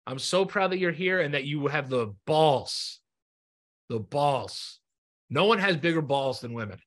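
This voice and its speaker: A man's voice: fairly high pitch, animated, a little slow, fairly bright tone. A man hosting an interview show, talking earnestly and encouragingly, repeating himself and swearing freely. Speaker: podcast host. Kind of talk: heartfelt interview chat.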